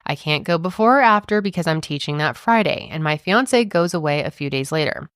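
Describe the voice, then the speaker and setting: A woman co-hosting a podcast, chatting casually and reading a forum post aloud in an animated way. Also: low-pitched, a little fast, clean tone, no room sound, studio quality. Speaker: podcast co-host.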